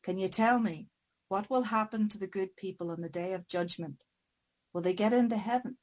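An old country priest, flustered and hurried, his speech tumbling out, as a woman storyteller gives him voice. He sounds shaken but kindly. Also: mid-range voice, darkish tone, close to an everyday voice. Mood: hushed.

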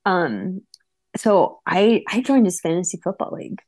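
A woman in her forties from Wisconsin tells a personal story to an audience, animated and acting out the lines of herself and others. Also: fairly low pitch, no echo. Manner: animated, acts out her own and others' lines in quick bursts.

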